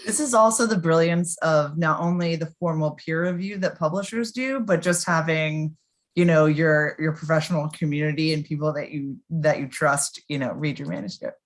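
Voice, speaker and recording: A woman moderating a casual conversation. She speaks calmly and in a measured way, reading items off a list. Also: low-pitched.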